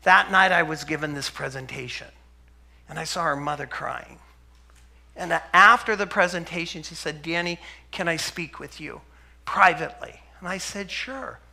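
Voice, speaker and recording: Gravelly, bright-voiced man preaching. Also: a little high, normal speed. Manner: storytelling, acts out dialogue, drops to a hush for quotes. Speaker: preacher and health center speaker. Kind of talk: sermon-style testimony.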